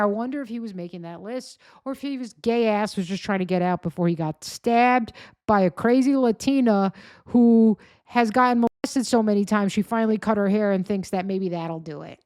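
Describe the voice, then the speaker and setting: A woman's voice: mid-range voice, moderate pace, a little mellow, dry recording, studio quality. A woman hosting a commentary show, talking in a sarcastic, mocking, rambling way. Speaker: host. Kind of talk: commentary on clips.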